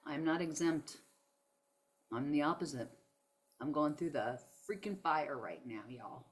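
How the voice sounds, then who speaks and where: A woman's voice: low voice, expressive, unhurried. A woman giving a heartfelt motivational talk on self-love, emphatic and emotional, often saying "y'all". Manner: emphatic, preachy, uses "y'all". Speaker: spiritual self-help speaker.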